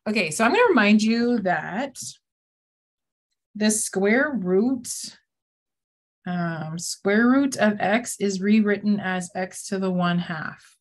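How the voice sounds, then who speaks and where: A woman's voice: medium pitch, slow pace. Woman math teacher, live class, playful and teasing. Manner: playful, teasing, mimics students in quotes.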